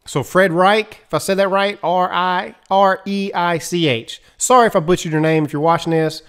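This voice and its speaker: A man's voice: high-pitched, moderate pace, smooth. Chatty man recapping a TV episode. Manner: chatty, animated, laughs easily, acts out quotes. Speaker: show recap vlogger. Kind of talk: casual spoken recap.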